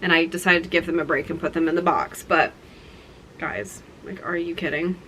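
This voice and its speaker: A young woman vlogging in a casual, excited way, gushing and rambling as she shows gifts to her viewers. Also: lowish voice, normal speed, slight background noise, poor audio. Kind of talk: casual chat to camera.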